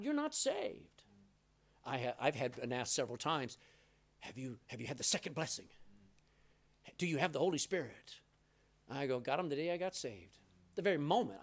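A man preaching a sermon, swinging between loud and soft, reading scripture aloud. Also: high voice. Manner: reads scripture aloud in old-style wording. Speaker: pastor.

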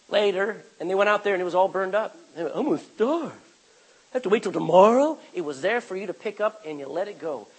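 A middle-aged man preaching a sermon as pastor, swinging from quiet asides to sudden loud cries. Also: high-pitched, poor audio.

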